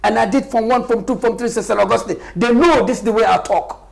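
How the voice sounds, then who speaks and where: A middle-aged man from Gambia argues his case in a live interview. His voice is gravelly and his delivery emphatic and impassioned. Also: very high-pitched, a little fast. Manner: emphatic, passionate, laughs often. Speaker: party official as guest.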